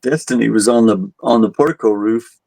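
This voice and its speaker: Male tour guide, relaxed storyteller who voices the people in his tale; dry, close recording. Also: lowish voice, a little fast, creaky, no echo, poor audio. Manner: laid-back, animated when quoting people, chuckles at his own jokes. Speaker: haunted asylum tour guide. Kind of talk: casual storytelling.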